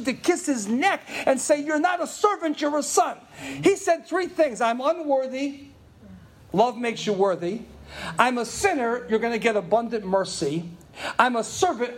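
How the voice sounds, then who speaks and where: An older man preaching a sermon to his congregation, telling stories with chatty asides and frequent laughs, dropping to murmurs and rising to loud exclaims. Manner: animated storytelling, swings from low murmurs to loud exclaims. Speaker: pastor.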